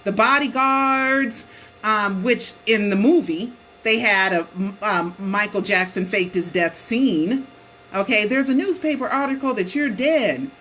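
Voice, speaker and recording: A woman's voice: mid-range voice, unhurried, fairly bright tone, a little hiss or hum, poor audio. A woman vlogger delivering a ranting commentary to her viewers, emphatic and colloquial, often checking in with "Okay?". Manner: emphatic, repeatedly asking "Okay?"; colloquial, addresses viewers as "y'all".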